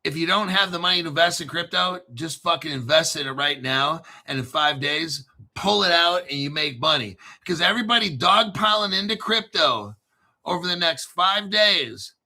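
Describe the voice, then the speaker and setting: A man's voice: fairly high pitch, lively intonation, moderate pace, sharp tone. A man hosting a crypto channel, ranting brashly and sarcastically and swearing a lot. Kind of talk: profane ranting monologue.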